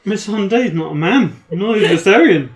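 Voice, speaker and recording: A man's voice: sits high, lively intonation, normal speed, faint music behind. A man doing casual commentary on a card game, with teasing, dry banter. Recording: roomy echo.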